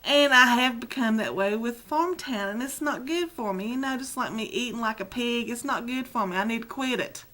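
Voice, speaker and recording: A woman's voice: on the high side, normal speed, hardly any pauses, bright, forceful tone. Teary middle-aged woman chatting. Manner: rambling, self-deprecating, chatty. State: teary, close to crying. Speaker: video blogger. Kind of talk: casual chat to camera.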